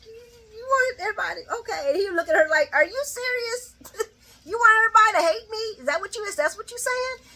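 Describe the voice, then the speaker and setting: A woman's voice: on the high side, sharp tone, breathy edge. A middle-aged woman giving a casual, chatty soap opera recap to her viewers, acting out the characters' lines and laughing often.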